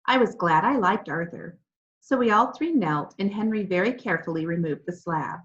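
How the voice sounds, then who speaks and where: A woman reading a chapter of a children's book aloud in a calm, measured storytelling voice. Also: fairly low pitch. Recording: dull lo-fi recording.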